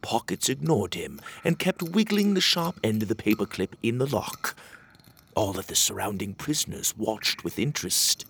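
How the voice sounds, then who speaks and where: A man narrating a children's storybook in an animated, expressive way. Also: on the low side, moderate pace, gravelly, husky.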